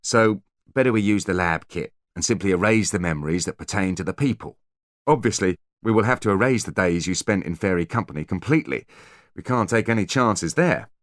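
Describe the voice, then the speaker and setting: A man voicing an eager, nervous male centaur technician who explains things hurriedly in a raised, lively voice. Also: low voice, a little fast, no room sound, clean studio sound, pitched above the performer's own voice. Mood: eager explaining.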